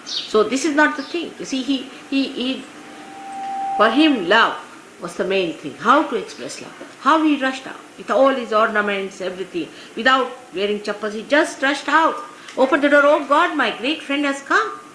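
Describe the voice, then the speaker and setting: Through the faint hiss and echo of a 1980s archive tape, this Indian spiritual teacher speaks to her followers in Indian English. Her voice is a little high, expressive, and fairly bright, at a moderate pace. She shares anecdotes casually, sprinkling in "you see" again and again.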